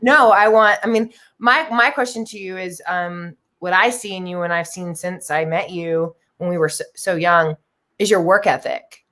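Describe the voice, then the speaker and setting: A woman's voice: lowish voice, normal speed, fairly bright tone. A woman hosting a casual video-call interview, effusive and gushing as she asks questions. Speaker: host.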